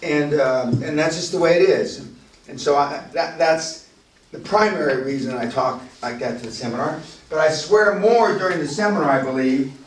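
A man leading a business seminar, talking bluntly and profanely and building to loud, emphatic bursts. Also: a little high. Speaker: seminar leader. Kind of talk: profane motivational seminar talk. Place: castle seminar room. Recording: echoey room, voice from far off.

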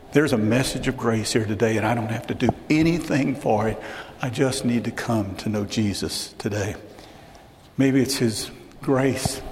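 A man's voice: medium pitch, darkish tone. A man preaching a sermon as pastor, speaking earnestly and directly to the congregation and repeating phrases for emphasis. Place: church sanctuary. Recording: echoey hall with long reverb, faint hiss.

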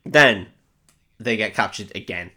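A man's voice: fairly low pitch, a little slow, crowd noise. A man hosting a podcast, casually recapping a film with swearing, jokes and mocking voices for the characters. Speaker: podcast host.

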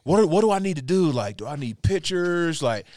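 A man's voice: a little high, normal speed, no echo. A man hosting a podcast, telling a story with energy, swearing often and acting out sounds. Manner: animated storyteller, swears freely, acts out sounds. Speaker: podcast host. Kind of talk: casual storytelling chat.

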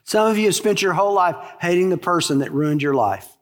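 Male pastor, higher voice, emphatic sermon delivery that repeats its key lines; recorded with a long, echoing hall tail. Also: animated, a little fast. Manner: earnest, emphatic preaching with repetition.

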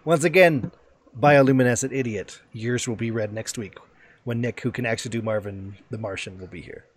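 A man's voice: medium pitch, brisk, husky, dry recording. A man hosting a podcast in a casual chat, joking and teasing, trailing off and restarting. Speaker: podcast host.

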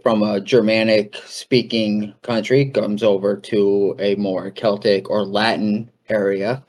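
A man hosting a casual talk on folklore, speaking conversationally with fillers and asides. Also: lowish voice. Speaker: podcast host.

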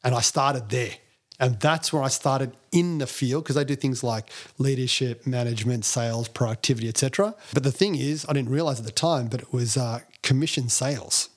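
A man, a podcast guest who tells animated, self-deprecating stories and acts out other people's lines. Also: mid-range voice, fairly quick. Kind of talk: storytelling interview talk.

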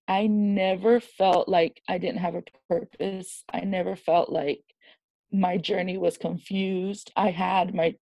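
A woman's voice: medium pitch, creaky, no room sound. A woman being interviewed, telling a personal story in a candid, emotional way and acting out the voices of the people in it. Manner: animated storyteller who acts out quoted dialogue. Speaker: guest.

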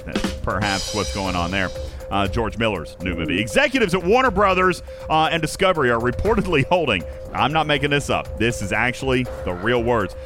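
A man hosting a live stream, reading comedic news and joking with friends in a playful, teasing way. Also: mid-range voice. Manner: playful, joking, animated, drifts into silly asides. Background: music playing behind.

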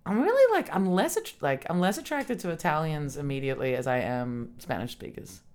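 A woman's voice: deep voice, expressive, fairly quick, clear, resonant tone. A young adult woman hosting a podcast, chatting casually and laughing often. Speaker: podcast host. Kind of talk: casual chat.

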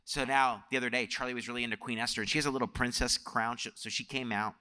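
A man's voice: mid-range voice, steady tone, quick pace, pushed and bright. A male pastor telling family stories in a sermon and building into emphatic preaching. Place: church sanctuary. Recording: long church hall reverb.

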